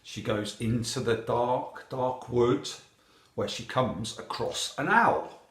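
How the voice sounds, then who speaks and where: A man reading a picture book aloud to children, animated and asking the listener questions. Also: mid-range voice, slow, roomy sound. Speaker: storyteller.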